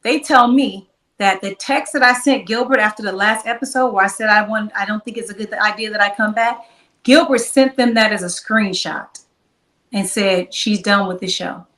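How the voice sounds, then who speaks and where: A woman's voice: mid-range voice, moderate pace, echoey room, far from the mic, rough recording. A woman guest telling a long story in an interview, acting out the back-and-forth of quoted dialogue. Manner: animated, acts out quoted dialogue.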